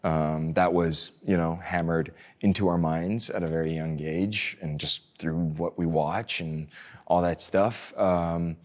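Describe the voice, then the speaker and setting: A man speaks as a guest in a casual interview. His voice sits quite low and deep. He talks in a loose, rambling way, full of fillers and restarts, with the odd swear word thrown in. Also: steady tone, unhurried. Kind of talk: casual conversation.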